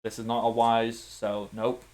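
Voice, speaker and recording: A man narrating as game master in a tabletop game, animated and playful, with sound effects. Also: medium pitch, a little slow.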